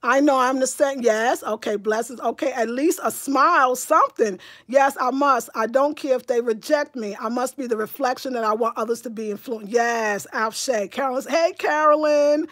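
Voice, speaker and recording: Woman, high voice, livestream host, casual chat, reads comments aloud, animated and talkative. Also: normal speed, hardly any pauses. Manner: animated, talkative, bursts into excited exclamations.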